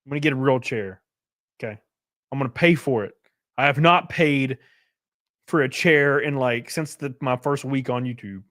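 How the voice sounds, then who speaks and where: A man's voice: mid-range voice, brisk, fairly bright tone. A man chatting loosely on a live stream, swearing freely and thanking viewers by name. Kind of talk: casual live-stream chat.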